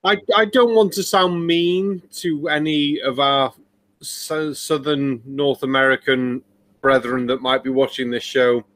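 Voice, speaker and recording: A man's voice: mid-range voice, fairly even intonation, a little slow, fairly bright tone. A man hosting a casual group chat about videos, mocking and swearing freely. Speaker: show host.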